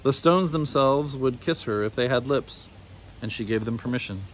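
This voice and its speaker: A man narrating a storybook aloud in an expressive, measured way. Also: medium pitch, slight background noise.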